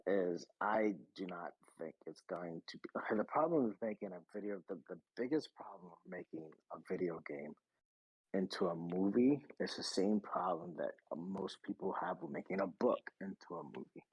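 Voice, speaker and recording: A man's voice: deep voice, sing-song, normal speed, gravelly, breathy edge, no room sound, highs cut off. A man hosting a casual gaming podcast, rambling and profane, with lots of restarts. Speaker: podcast host.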